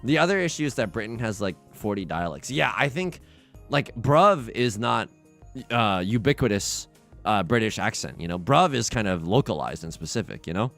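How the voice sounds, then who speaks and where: A man's voice: lowish voice, big pitch swings, normal speed, creaky, fairly bright tone, faint music behind. A young man whose first language was Mandarin, rambling in self-deprecating, casual chat with viewers while he plays a game on a livestream. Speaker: livestreamer playing online mahjong.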